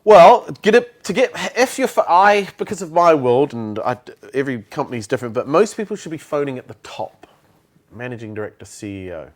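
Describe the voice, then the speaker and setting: A man's voice: mid-range voice, very animated, fairly quick. A man, a sales trainer talking bluntly in an interview and acting out phone calls. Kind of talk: conversational interview.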